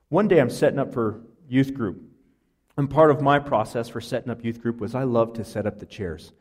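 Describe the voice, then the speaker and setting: A man's voice: mid-range voice, moderate pace, a little mellow. A man preaching a sermon, telling a personal story in an earnest, conversational way with fillers and restarts. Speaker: pastor.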